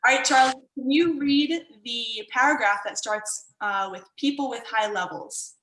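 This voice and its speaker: A woman's voice: fairly high pitch, measured pace, a bit bright, roomy sound, low-quality recording. A woman martial arts instructor teaching an online workshop for kids in an upbeat, encouraging way, over a video call.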